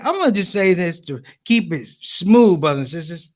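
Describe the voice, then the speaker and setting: A man doing stand-up comedy, telling stories as an animated storyteller with big voice swings. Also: high voice, normal speed.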